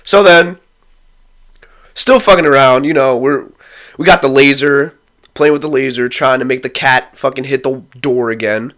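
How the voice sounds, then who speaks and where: A young man in a casual vlog rambles through a profane story about a night out with friends, swearing constantly and retelling it excitedly. His voice is mid-range and his pace moderate.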